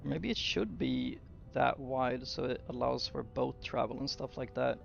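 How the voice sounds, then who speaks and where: Slow, gravelly young man streaming a game. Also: mid-range voice, muffled recording, faint music behind. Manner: muttering to himself while building, chatting to viewers. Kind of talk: casual gameplay commentary to chat.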